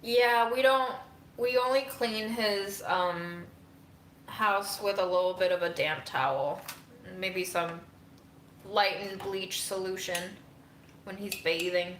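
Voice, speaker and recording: A woman's voice: medium pitch, fairly even intonation, takes it slowly, fairly bright tone, echoey room, slight background noise, poor audio. A woman hosting a casual livestream from home, chatting and ranting to her viewers. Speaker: livestream host.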